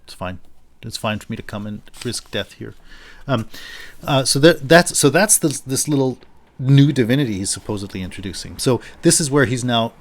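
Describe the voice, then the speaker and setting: A male philosophy lecturer giving an unscripted university lecture, thinking aloud and paraphrasing a text in a lively quoting voice. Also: mid-range voice, normal speed. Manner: thinking aloud, with frequent restarts and fillers.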